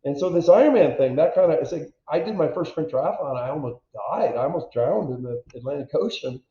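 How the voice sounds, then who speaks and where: A man in his fifties from the United States, a former pro football player telling stories as an interview guest, animated and self-deprecating, acting out quotes. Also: a little high, a little fast. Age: 50s. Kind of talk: candid storytelling interview. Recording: echoey, dull lo-fi audio.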